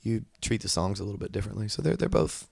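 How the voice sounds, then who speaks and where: A man, a musician and songwriter, talking about his work in a relaxed, thoughtful way with many fillers. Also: lowish voice, fast talker, gravelly, husky. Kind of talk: casual interview chat. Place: indoor music venue.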